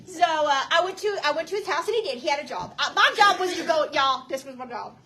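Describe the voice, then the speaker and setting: Southern woman in her fifties, testimony speaker; very high, bright voice that swings up and down, chatty with the crowd, laughs a lot. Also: quick pace. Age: 50s. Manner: lively, laughs often, talks straight to the crowd. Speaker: guest speaker giving a testimony. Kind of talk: storytelling testimony to a church crowd.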